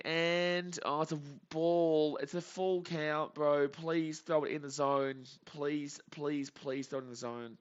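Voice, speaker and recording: A man hosting a live reaction stream, calling pitches anxiously and pleading over and over, tired from an early start. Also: fairly even intonation, slow, hardly any pauses, clean tone. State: tired, up early without coffee. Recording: dull lo-fi stream audio.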